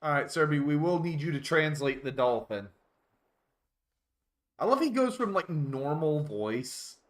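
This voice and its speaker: A young man chatting casually over his game stream with a wry sense of humor. His voice is a bit high and very lively in pitch. He laughs easily between remarks. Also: unhurried. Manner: wry, joking, laughs often.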